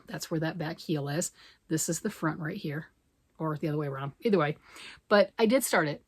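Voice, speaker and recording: A grandmother talks through her knitting in a relaxed, rambling way. Her voice sits a little low, and she often teases herself. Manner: chatty, rambling, self-deprecating. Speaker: knitting vlogger. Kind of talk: casual knitting chat.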